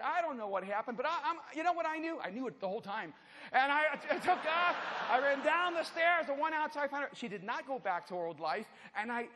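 A man preaching at a conference, telling a personal story with humor and swinging from loud bursts to hushed, intense passages. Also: very high-pitched. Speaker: conference speaker. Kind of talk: storytelling sermon. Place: church auditorium. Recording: large hall with long reverb, faint ambience.

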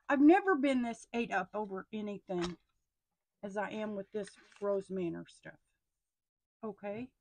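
A middle-aged woman, chatting casually as she unboxes stationery. She gushes with excitement and often drops into hushed asides. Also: on the high side. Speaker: stationery haul vlogger.

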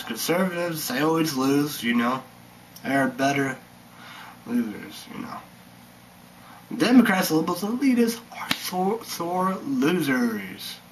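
Slow, rambling man with faint hiss. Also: on the high side, a bit bright, low-quality recording. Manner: meandering, mutters and drops to whispers, bursts into sung chants. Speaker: vlogger. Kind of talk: rambling casual monologue.

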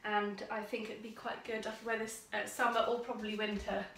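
A woman's voice: mid-range voice, flat delivery, a little fast, fairly bright tone, slight background noise. A young woman chatting casually and enthusiastically in a home vlog, rambling a little as she shows her finds. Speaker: vlogger. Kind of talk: casual chat. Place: upstairs room at home.

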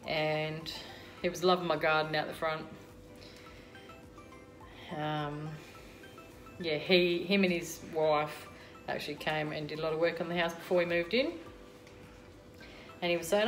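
An Australian woman chats casually to her viewers from her kitchen, rambling from one thing to the next with plenty of ums. Her voice sits a little low, and soft music plays faintly behind her. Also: fairly even intonation, unhurried, long pauses. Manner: chatty and rambling, many ums. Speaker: vlogger. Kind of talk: casual chat to camera.

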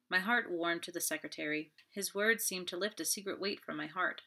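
A woman reading a first-person novel as an audiobook narrator, steady and clear. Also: lowish voice, brisk, few pauses.

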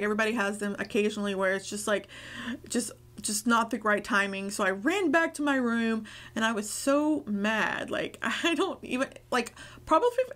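A woman's voice: a little high, a bit bright. A woman from Nashville casually telling a personal testimony story in a rambling, chatty way full of filler words. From Nashville, USA. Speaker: YouTuber sharing a testimony.

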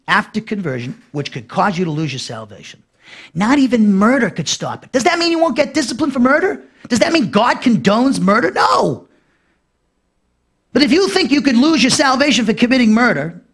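Emphatic high-voiced preacher man. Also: a bit bright. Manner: emphatic, repeats phrases, rises for stress, drops low to close points. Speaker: pastor teaching a Bible class. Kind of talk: expository sermon.

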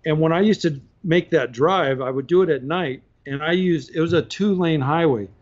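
Man, somewhat high voice, animated casual storytelling, laughs often, dull lo-fi podcast sound. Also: moderate pace. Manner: animated, laughs through his stories. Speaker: podcast guest.

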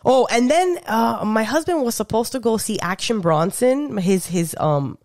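Lively woman podcast co-host, dry mic. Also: fairly high pitch, measured pace, no room sound. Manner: animated, laughs often, swears casually. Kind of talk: casual chat.

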